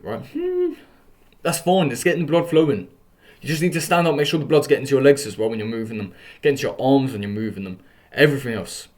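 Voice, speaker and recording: Energetic young man coaching viewers. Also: medium pitch. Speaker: self-improvement vlogger. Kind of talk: casual instructional vlog.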